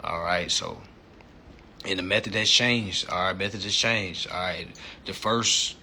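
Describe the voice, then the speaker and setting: A man's voice: sits low, measured pace, sharp tone, a little hiss or hum. A young man hosting a live stream, teaching his class in a casual, profane rant that keeps checking in with "all right?". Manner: emphatic, profane, repeats points with "all right?". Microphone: phone.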